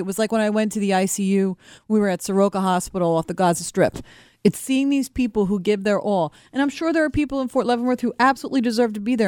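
A woman with a New York accent chatting on a talk radio show, telling animated stories. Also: on the high side, no room sound, studio quality.

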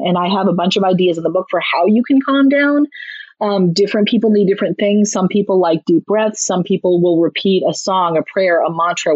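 A woman's voice: medium pitch, darkish tone, slightly rough, no room sound. A woman and parenting author, explaining emphatically and chattily in an interview. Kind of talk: conversational advice interview. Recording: slightly muffled recording.

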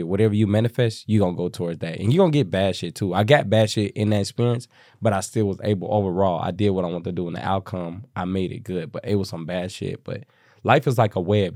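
A young man from Kansas City, a guest telling profane, animated stories and acting out the people in them. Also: on the low side, no echo, studio quality. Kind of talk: casual storytelling.

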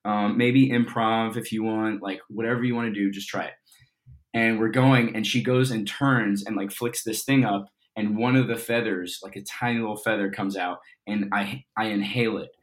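Young actor guest from Colorado, slightly low voice, rambling and lively anecdote teller. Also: male voice, moderate pace. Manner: chatty, animated storyteller with fillers. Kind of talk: casual storytelling interview.

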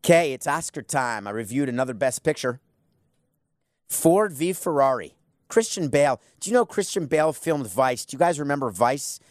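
A man's voice: mid-range voice, lively intonation, moderate pace, no echo, clean studio sound. A man hosting a talk radio show, speaking bluntly and sarcastically in an opinionated monologue. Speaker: sports radio host.

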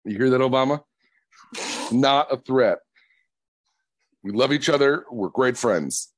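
A man co-hosting a podcast, chatting casually and teasing his co-host with jokes. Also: mid-range voice. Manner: teasing, joking, quick to laugh. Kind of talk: casual chat.

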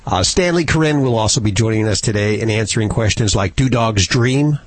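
A man's voice: fairly low pitch, lively intonation, a little fast, no room sound. A man hosting a pet talk radio show, joking with co-hosts and reading sponsor copy. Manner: chatty, jokey, reads sponsor copy. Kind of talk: lively talk radio banter.

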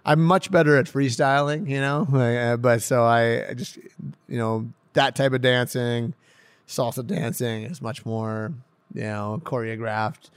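A young man, a professional hockey player, chatting casually in an interview, excitable and rambling, laughing often. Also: medium pitch, a little slow, smooth, no room sound. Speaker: pro hockey player guest.

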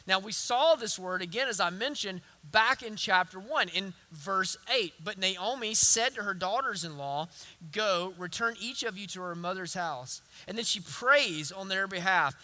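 High bright Southern preacher. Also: male voice, expressive, measured pace. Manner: earnest, builds to emphatic repetition. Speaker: pastor. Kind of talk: sermon.

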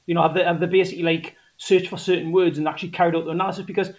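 A man's voice: sits high, little pitch movement, rapid-fire. A man speaking as a guest on a football podcast, sceptical and questioning. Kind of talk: casual football podcast chat.

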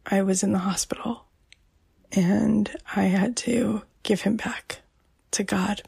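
Woman podcast host, very gravelly and raspy, slow soft talk that slips into whispers. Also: mid-range voice, no echo. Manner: soft, emotional, often drops to a whisper. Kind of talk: personal podcast monologue.

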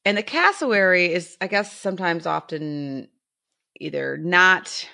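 Female podcast co-host, enthusiastic and chatty, lowish pitch, bright tone. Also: lively intonation, a little slow, gravelly. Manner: enthusiastic, chatty, laughs often. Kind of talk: casual chat.

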